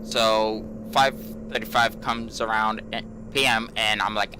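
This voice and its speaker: A man's voice: on the low side, steady tone, measured pace, sharp tone, a little hiss or hum, poor audio. A man hosting a gaming channel, telling a long everyday story in a rambling way, repeating himself and filling gaps with "you know.". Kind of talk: casual storytelling vlog.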